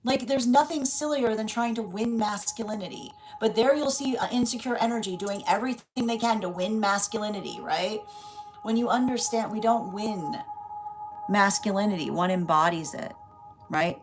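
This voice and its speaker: A woman's voice: medium pitch, moderate pace, faint music behind, low-quality recording. A woman giving a live tarot reading, rambling and tagging "right?" onto her points. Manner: rambling, repeats "right?" often. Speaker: tarot reader.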